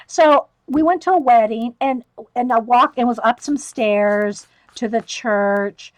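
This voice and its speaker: A woman's voice: on the high side, dry recording. A middle-aged woman telling rambling stories while painting on a livestream, often breaking into laughter. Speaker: art livestreamer. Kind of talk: chatty storytelling while painting.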